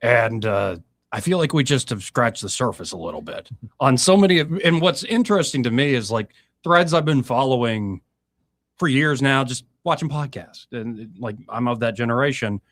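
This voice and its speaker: A man's voice: medium pitch, expressive, moderate pace, fairly bright tone, no room sound. A man hosting live talk radio, rambling casually with fillers. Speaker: radio talk show host.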